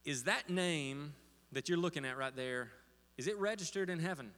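A man's voice: fairly high pitch, moderate pace, fairly bright tone. A man telling a story in a sermon as pastor, with frequent fillers and restarts. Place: church sanctuary. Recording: long hall reverb.

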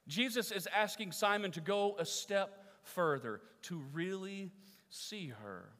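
A man with a fairly high voice preaches to his congregation. He is earnest and repeats key phrases, often dropping his voice low and soft to press a point home. His words ring out with the long reverb of a church sanctuary. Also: animated, slow pace. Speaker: pastor. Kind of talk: sermon.

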